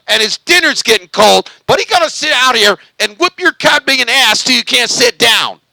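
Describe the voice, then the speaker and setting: A man, excitedly bantering over a CB radio in a hyped, repetitive cheerleading way. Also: very high-pitched, moderate pace, creaky, hardly any pauses, dry recording, rough recording. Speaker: CB radio vlogger.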